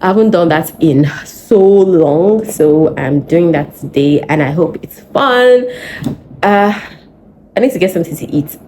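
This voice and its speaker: A young woman with a Nigerian accent, chatting casually on her vlog and telling a story in an animated, venting way. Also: on the low side, measured pace, a little hiss or hum. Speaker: vlogger. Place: home in Lagos.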